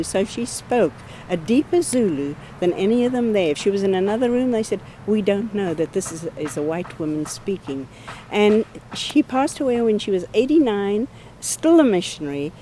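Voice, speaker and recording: A woman's voice: mid-range voice, mellow, a little hiss or hum, low-quality recording. An older woman from Africa, giving an earnest, heartfelt missionary update and repeating her thanks. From South Africa. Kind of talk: personal ministry update.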